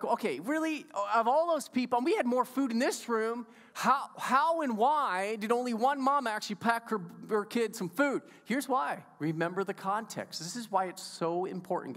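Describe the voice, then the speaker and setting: A man's voice: high voice, lively intonation, normal speed, few pauses, fairly bright tone. A male pastor preaching a sermon with a playful, enthusiastic manner and chatting with his congregation. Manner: enthusiastic, playful, audience interaction. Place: church sanctuary. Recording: long church hall reverb.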